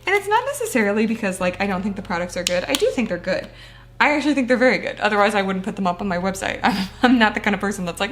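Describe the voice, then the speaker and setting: A woman's voice: mid-range voice, expressive, very fast, slight background noise. A woman chatting casually while she decorates a journal page, self-deprecating and laughing often. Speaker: booktuber. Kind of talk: casual chat while crafting.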